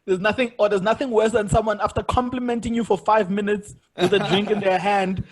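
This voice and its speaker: A male podcast host with a high, husky voice. He talks in casual bursts and often stops and restarts his sentences as he tells a story. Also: steady tone, a little fast. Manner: storytelling with many restarts and repeated words. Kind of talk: casual interview chat.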